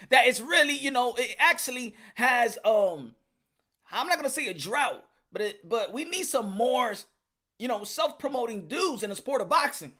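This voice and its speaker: A man running his own boxing commentary channel, with a high, bright and forceful voice. He talks in a loose, slangy, animated way, stacking up repeats and jokes as he rants to his viewers. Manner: animated, slangy, repetitive, joking. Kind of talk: casual commentary vlog.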